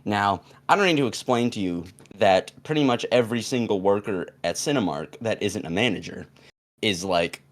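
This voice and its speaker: A man's voice: lowish voice, normal speed. A young man casually telling a long story on a podcast, rambling with fillers and restarts and acting out the quoted lines. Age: young adult.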